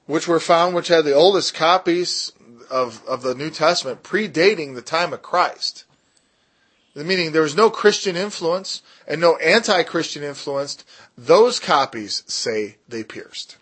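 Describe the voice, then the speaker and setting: Husky-voiced man leading a Bible study. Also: a little high, expressive, a bit bright. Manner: emphatic, slows down to stress key words; jokey, self-deprecating asides. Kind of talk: casual Bible study teaching.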